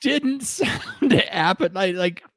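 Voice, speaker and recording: A man's voice: high-pitched, lively intonation, slow, no room sound, clean studio sound. A man co-hosting a podcast, chatting in an easygoing way. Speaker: podcast co-host. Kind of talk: casual chat.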